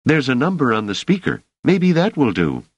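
A calm, capable young woman from a storybook reading, speaking plainly and to the point, as a male narrator puts her on. Her voice sits noticeably higher than his usual deep tone, and it stays lively in pitch. The sound is close and completely dry. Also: normal speed, breathy edge, dry recording. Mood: matter-of-fact.

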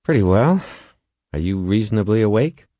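A man voicing a calm, understated male astronaut who is quietly worried. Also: fairly low pitch, moderate pace, no echo, voice pushed up, lightly acted. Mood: wary.

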